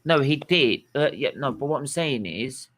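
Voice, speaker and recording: A man's voice: medium pitch, expressive, normal speed, a bit bright, a little hiss or hum, poor audio. A man hosting a casual football reaction chat, blunt and sweary, rambling with restarts. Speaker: host.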